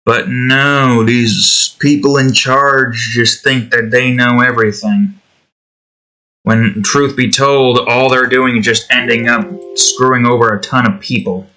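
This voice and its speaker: Bright-voiced man ranting while drawing. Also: medium pitch, steady tone, slow pace. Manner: rambling, profane and sarcastic. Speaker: art channel host. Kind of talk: casual commentary while drawing.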